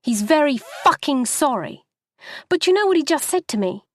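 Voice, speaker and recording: A woman voicing a furious young wife arguing in a taxi, her lines high and shrill. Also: animated. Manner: shrill, raging, rapid outbursts.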